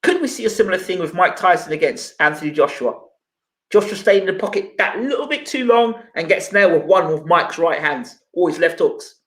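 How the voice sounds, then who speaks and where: A man hosting a live boxing stream, arguing with viewers and asking rhetorical questions. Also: high-pitched. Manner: animated and argumentative, with rhetorical questions. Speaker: boxing channel host. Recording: echoey room.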